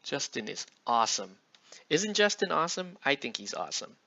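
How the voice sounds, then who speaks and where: A man's voice: on the high side, very animated, brisk, pushed and bright. A man casually chatting and rambling while he paints miniatures on a live stream, with loose slangy talk. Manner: laid-back, rambling, slangy. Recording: dull lo-fi stream audio.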